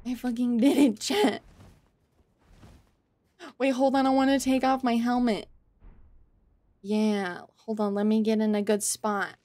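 A woman streaming a game live, talking to her chat in an excitable way and swearing often. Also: a little high, unhurried, long pauses. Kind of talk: live gameplay commentary.

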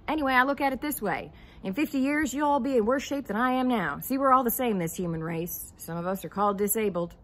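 A woman's voice: fairly high pitch, fast talker, fairly bright tone, voice pushed up, rough recording. A woman voicing a blunt, wry woman in a wheelchair, speaking in a matter-of-fact, teasing way within a spoken poem. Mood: dry. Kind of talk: poetry recitation, talking-blues storytelling.

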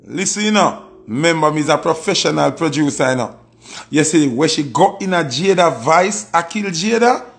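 A Jamaican man hosting an excited music reaction, exclamatory and swearing freely. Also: fairly high pitch, normal speed, vocal fry.

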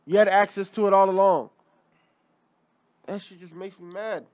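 A man's voice: high voice, steady tone, moderate pace, a little mellow, no room sound. A man co-hosting a podcast in casual, profane banter, talking emphatically and getting worked up. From Haitian heritage, raised in Miami. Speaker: podcast co-host. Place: podcast studio.

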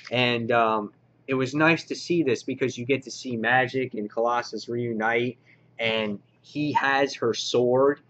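A man's voice: medium pitch, fairly even intonation, unhurried, a bit bright, lo-fi sound. A man casually reviewing a comic book, enthusiastic and rambling with lots of filler words.

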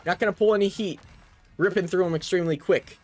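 A young man narrating a video game pack opening, excited and chatty, calling out each card and shouting over big pulls. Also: high-pitched, fast talker, soft background music. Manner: hyped, shouts over big pulls, says "bro" a lot. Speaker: gaming YouTuber.

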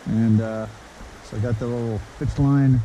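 A man's voice: mid-range voice, fairly even intonation, normal speed, dark tone, poor audio. A man filming himself on a head-mounted action camera outdoors at a stream, cold and wet, joking at his own expense as he gets ready to snorkel fish. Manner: joking, self-deprecating. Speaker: angler and video host. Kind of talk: casual self-filmed commentary. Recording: clear stream noise behind.

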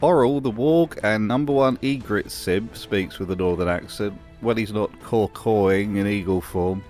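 A man's voice: fairly low pitch, normal speed, darkish tone, faint music behind. A man narrating a wry commentary voice-over in a dry, sardonic manner. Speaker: video narrator.

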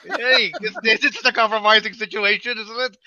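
A man's voice: sits high, fairly even intonation, moderate pace, dull audio, noisy background. A man in crude casual group chat, flamboyant and exclamatory.

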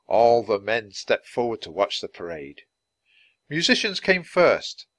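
A man reading a children's chapter book aloud clearly, for language learners. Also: fairly low pitch, very animated, unhurried, a bit bright, dry recording. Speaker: storybook reader.

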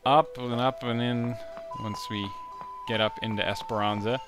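A man gives casual, rambling commentary over a video game in a mid-pitched, everyday voice. He drifts between thoughts with lots of fillers. Game music plays clearly underneath him. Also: fairly even intonation, normal speed. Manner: rambling and upbeat, with frequent fillers. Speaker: gaming channel host.

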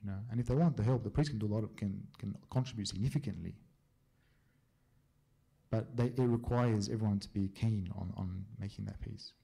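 Speaking in a fairly low, warm, husky voice with vocal fry, this priest fields questions from a church group in an easygoing, talkative way. He's a storyteller who often pauses for a quick "yeah?" to check in with the room.

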